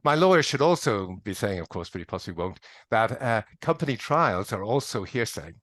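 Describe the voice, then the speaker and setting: A man's voice: fairly low pitch, very animated, a little fast, fairly bright tone, dry recording. A man giving an invited academic lecture, speaking emphatically and argumentatively, with shifts in pace. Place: lecture room.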